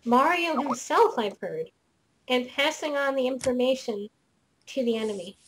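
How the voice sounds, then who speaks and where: A woman voicing a paranoid male janitor informant in a tabletop game, speaking in hushed, urgent confessions. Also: high-pitched, animated, normal speed, slight background noise, low-quality recording. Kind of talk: tabletop role-play as game master.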